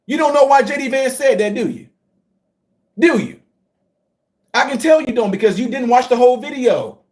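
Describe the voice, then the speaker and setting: This middle-aged man runs a casual livestream and speaks directly to viewers at a moderate pace. He moves between quiet murmured asides and loud, excited outbursts, his voice high for a man.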